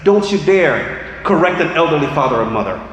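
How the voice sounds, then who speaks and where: A man giving an impassioned sermon as imam, building up to shouts at times. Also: on the high side, sing-song, fairly quick. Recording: echoey hall, faint ambience.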